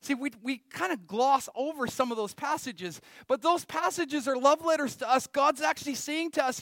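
Middle-aged male pastor, strikingly high pitch, conversational sermon delivery, dry close sound. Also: normal speed, few pauses, fairly bright tone, no echo. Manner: conversational preaching, rhetorical questions to the audience.

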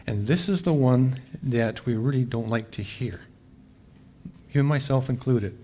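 Middle-aged man, folksy pastor, casual sermon, mid-range pitch. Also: measured pace, warm tone. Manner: folksy, chatty, frequent "eh".

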